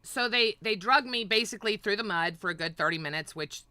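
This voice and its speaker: A woman hosting a livestream, ranting with heavy profanity and often breaking into shouts. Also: mid-range voice, a little fast, few pauses, no room sound. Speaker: livestream host. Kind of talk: heated livestream rant.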